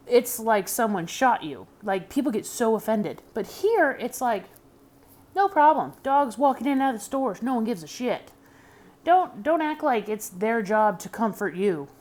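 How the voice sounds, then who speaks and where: An American woman vlogging in casual chat, rambling, frank and chatty, hot and sweaty. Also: medium pitch. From United States. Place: indoors in Germany.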